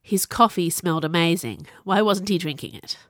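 A clever, haughty young woman with a cross, cutting way of speaking, as the narrator puts her on. Her lines come out sharp and impatient, recorded close and dry. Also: lowish voice, moderate pace, no echo, natural voice. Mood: snappish. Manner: cross, snappish.

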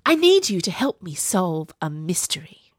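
A woman plays a wild-haired young princess who is bossy and full of herself. She talks briskly, her voice rising and falling freely. The recording is close and dry. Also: lowish voice, sing-song, no room sound. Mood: excited. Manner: brisk, self-assured. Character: bold, bossy young princess, spirited and teasing.

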